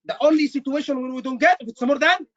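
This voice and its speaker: An extremely high-pitched man tutors students for a medical exam in an online teaching session, talking fast in a slightly bright, muffled recording. He is emphatic, repeats his words, and often says "brother."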